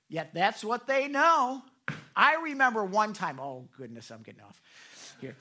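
A man preaching a sermon as pastor, animated and acting out the people in his stories. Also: high-pitched, brisk. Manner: animated, acts out quoted people.

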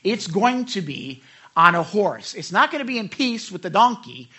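A middle-aged man preaching a conversational sermon, reading scripture and rising into sudden loud, high bursts for emphasis. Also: very animated, moderate pace. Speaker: pastor.

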